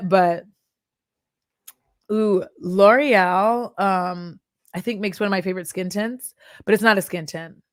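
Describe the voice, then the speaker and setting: A woman's voice: mid-range voice, slow pace, pauses often, no room sound, clean studio sound. A woman in her thirties doing a casual chat vlog while putting on makeup, talking bluntly, swearing freely and laughing often. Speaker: beauty content creator turned chat vlogger.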